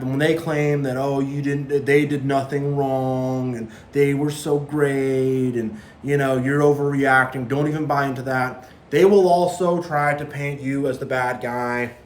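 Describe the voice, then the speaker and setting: A man with a medium-pitched voice speaks in a roomy space, with a little hiss or hum in the background. He's a spiritual vlogger delivering an impassioned, preachy monologue to camera, repeating himself as he warns listeners and mocks others in quoted voices.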